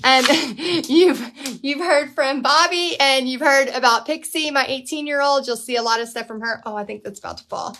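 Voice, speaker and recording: An upbeat woman in her forties leads a live painting class from her home studio. Her voice sits a little high, and her talk is chatty and relaxed. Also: moderate pace, few pauses. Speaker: painting instructor and host. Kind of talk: casual live-stream teaching.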